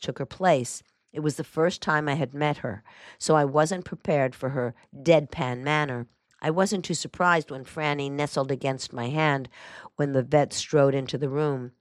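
Low-voiced woman narrating a memoir. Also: no room sound, studio quality. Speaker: audiobook narrator.

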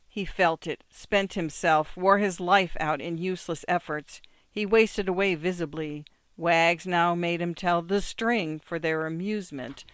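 A storyteller reading literary short stories at an even, measured pace. The voice is smooth and clear, and the recording is close and dry with no room sound. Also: mid-range voice, dry recording. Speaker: narrator. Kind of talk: scripted narration of short stories.

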